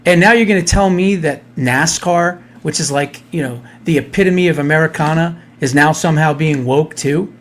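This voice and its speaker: A man's voice: fairly high pitch, normal speed, hardly any pauses, slight background noise. A man co-hosting a podcast, telling a story in a scornful, indignant tone. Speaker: podcast co-host. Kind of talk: casual opinionated chat.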